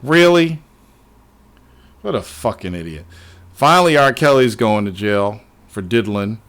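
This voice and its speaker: Excitable, profane male streamer. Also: lowish voice, normal speed. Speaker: livestream host. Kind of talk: casual livestream chat.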